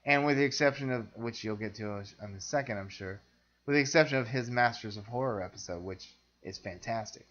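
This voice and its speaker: A man's voice: mid-range voice, a little fast, a bit bright. A man with a mid-range voice gives blunt, wry opinions and teases his co-host in a casual chat. The audio is dull and lo-fi, with a muffled home-podcast quality. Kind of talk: casual film discussion.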